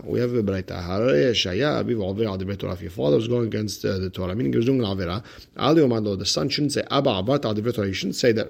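A man with teaches a Talmud page, moving briskly between the Aramaic text and his own plain explanation. His voice sits low with a gravelly, fry-edged texture, and he fills gaps with frequent "uh"s. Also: darkish tone. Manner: quick explanatory, translating Aramaic into English, many fillers. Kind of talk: daily page study lesson.

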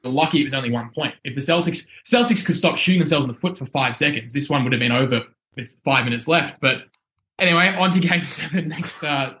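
A man on a casual sports podcast, hoarse from shouting and still running on adrenaline, rambling with restarts. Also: medium pitch, brisk. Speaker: podcast panelist.

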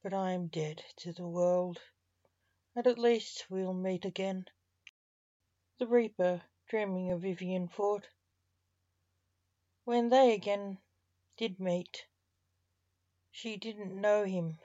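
A woman reading a story aloud in measured, soft-spoken narration, in a muffled lo-fi recording. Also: mid-range voice, dry recording.

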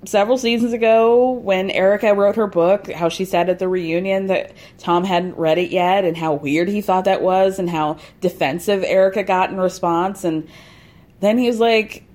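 A woman casually recapping a TV reunion, sarcastic, with frequent laughs and animated asides. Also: mid-range voice, normal speed. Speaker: podcast host recapping a TV reunion.

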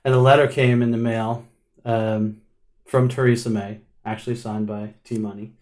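A man's voice: medium pitch, level tone, normal speed, a little mellow. A man telling a long, wry story in casual chat, with plenty of filler words and restarts. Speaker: musician guest.

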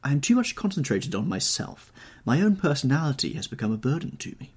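A man voicing a nervous, brooding young gentleman, anxious and pleading, in an audiobook reading. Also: mid-range voice, very animated, fairly quick, husky, voice pushed up. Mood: haunted.

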